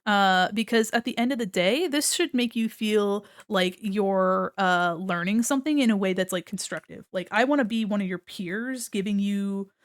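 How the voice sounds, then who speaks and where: A woman's voice: mid-range voice, moderate pace, hardly any pauses. A woman live-streaming art critiques in a casual, chatty way. She swears casually and reads chat aloud as she draws.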